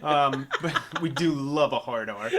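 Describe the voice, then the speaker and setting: A young man from the South, co-hosting a casual podcast, animated and quick to laugh, with lots of fillers. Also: medium pitch. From Southern United States. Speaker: podcast co-host. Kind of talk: casual chat.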